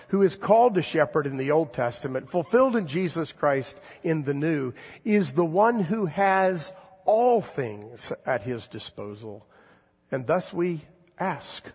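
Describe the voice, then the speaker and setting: A man in his fifties, a pastor giving an earnest, gentle sermon with slow, drawn-out emphasis and a husky voice. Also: on the high side, big-room sound.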